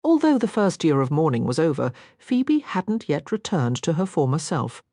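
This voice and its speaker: A woman narrating an audiobook in an expressive way, voicing each character. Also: low-pitched, normal speed, dry recording, studio quality.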